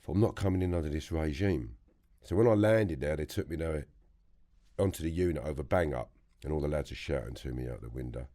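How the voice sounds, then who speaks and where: A man with a London accent telling his story as a podcast guest, blunt and animated, swearing freely. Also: rumbling low, fairly quick. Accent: London English. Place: podcast studio.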